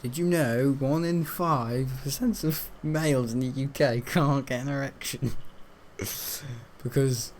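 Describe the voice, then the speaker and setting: Northwest lad rambling and giggling over his game, regular middle-pitched voice. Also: unhurried, darkish tone, a little hiss or hum. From north-west England. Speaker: gaming channel host. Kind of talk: casual gameplay commentary.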